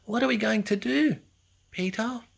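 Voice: mid-range voice, unhurried, vocal fry, voice pushed up. A storybook reader voicing an eager young female rabbit who speaks earnestly in a slightly raised voice. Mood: worried.

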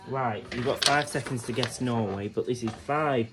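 A man's voice: medium pitch, moderate pace, heavy background noise. A man hosting a vlog, chatting casually as he counts down a guessing game for viewers. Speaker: vlog host.

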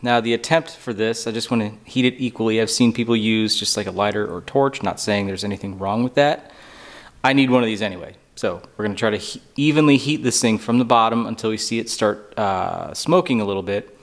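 A man hosting a hands-on repair tutorial, walking through each step in a relaxed way with dry, sarcastic asides. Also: on the low side, brisk. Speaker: DIY motorcycle repair tutorial host. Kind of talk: casual how-to walkthrough.

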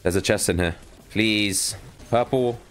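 A young man giving excitable live commentary on his own video game play, talking to his viewers and breaking into exasperated outbursts. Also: lowish voice, unhurried. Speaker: gaming YouTuber.

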